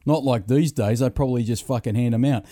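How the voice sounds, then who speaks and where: Middle-aged Aussie man, warm dark tone, dry close mic, profane rambling storyteller. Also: mid-range voice, fast talker, dry recording. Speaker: podcast host. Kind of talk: casual storytelling chat.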